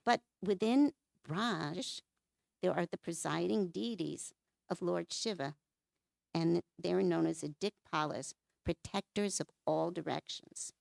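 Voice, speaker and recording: A woman's voice: lowish voice, slow, vocal fry, darkish tone, no room sound. A woman giving a devotional class at a temple, telling scripture stories and acting out the quoted lines.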